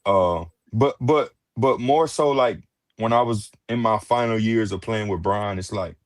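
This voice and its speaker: This Houston man, a musician guest, talks at a measured pace in a lowish voice with no room sound. The interview chat is casual: he's easygoing, full of restarts and "uh"s, and courteous with "yes, ma'am."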